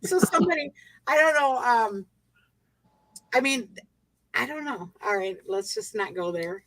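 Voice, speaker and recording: A woman's voice: fairly high pitch, animated, a little slow, a bit bright, no room sound, low-quality recording. A woman hosting a casual livestream chat, playful and laughing often. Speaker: livestream host.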